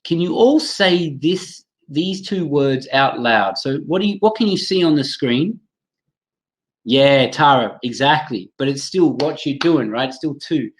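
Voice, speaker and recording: A man's voice: on the high side, animated, a little slow, low-quality recording. Enthusiastic man teaching a webinar. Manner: enthusiastic, addresses attendees by name, models pronunciation aloud. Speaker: teacher trainer hosting a webinar.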